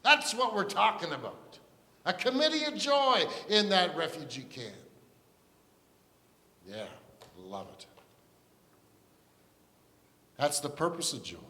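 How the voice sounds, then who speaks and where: A man's voice: fairly high pitch, a bit bright. A man preaching a sermon as pastor, earnest and conversational, with asides and restarts. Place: church sanctuary. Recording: long church reverb.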